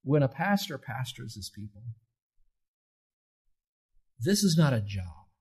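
A man's voice: mid-range voice, very animated, slow, slightly rough. A middle-aged male pastor delivering an earnest, conversational sermon that builds to rising emphasis.

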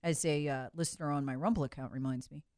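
A woman hosting an opinion monologue, sarcastic, swinging from loud outbursts to muttered asides and mocking voices. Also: low-pitched, steady tone, quick pace, no echo, studio quality. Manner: acts out mocking voices of others. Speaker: political commentary host.

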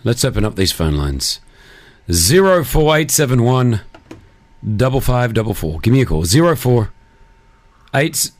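A man's voice: medium pitch, very animated, no echo. A man hosting a live radio breakfast show from a studio, teasing his co-hosts and reading out the call-in number. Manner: teasing, quick, reads out phone numbers. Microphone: studio microphone.

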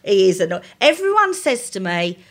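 A middle-aged woman, a co-host in casual chat, telling a lively story and acting out the voices in it. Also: medium pitch, normal speed. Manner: animated storyteller, acts out quoted voices.

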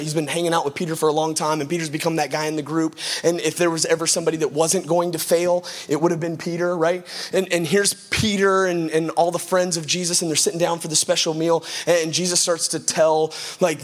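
A pastor in his thirties delivers a sermon in an easygoing, conversational way. His voice sits high for a man. He keeps it lively, acting out little voices and bits of slang as he talks. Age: 30s. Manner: casual, animated, acts out voices with slang and laughs.

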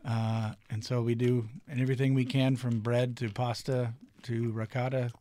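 A man's voice: mid-range voice, level tone, moderate pace, mellow, slight background noise. A man who co-owns a restaurant, answering interview questions in an easygoing way with many filler words. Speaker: restaurant co-owner, guest.

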